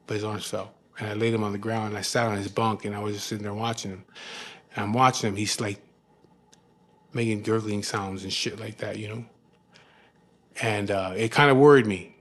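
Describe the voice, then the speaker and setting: A man with a fairly low voice tells his story candidly, in a rough, profane way. His talk is loose and full of "you know what I mean". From California. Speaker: former prisoner telling his story.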